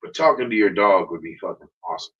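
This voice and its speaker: A husky-voiced man co-hosting a podcast, talking loosely and profanely. He tells his stories with animation. The recording sounds dull and lo-fi. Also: on the low side, expressive, quick pace, a bit bright. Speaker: podcast co-host. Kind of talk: casual chat.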